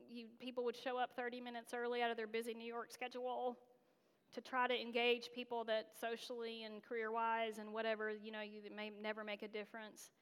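A woman from North Carolina preaches in a candid, conversational way and mixes personal stories with self-deprecating asides. Her fairly high voice carries the long reverb of a large church hall. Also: a bit bright, clean tone. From North Carolina, USA. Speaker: guest preacher. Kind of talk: storytelling sermon.

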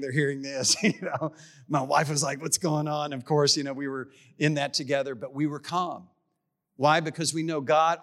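A middle-aged male pastor preaches a sermon in a church, speaking emphatically, repeating key phrases, and often stumbling over his words. His voice is a little high with a fairly bright tone.

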